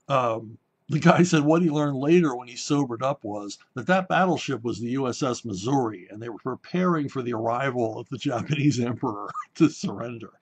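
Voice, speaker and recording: A comic book writer from Pennsylvania, telling anecdotes in a casual talk show and briefly acting out the people in them. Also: male voice, medium pitch, normal speed, breathy edge. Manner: animated anecdotes, voices the people in his stories. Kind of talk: casual storytelling.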